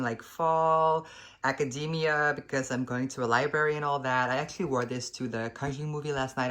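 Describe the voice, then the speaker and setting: A woman's voice: a bass voice, fairly bright tone. A young woman in her twenties chatting casually to the camera in a vlog, self-deprecating and full of filler likes. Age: 20s. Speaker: vlogger.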